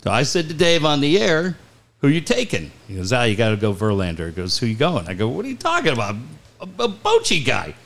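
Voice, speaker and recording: A man on a sports talk show, speaking briskly in a mid-range voice, delivers a long, laughter-packed story with profane punchlines. He laughs through the quotes and keeps the chat casual and animated.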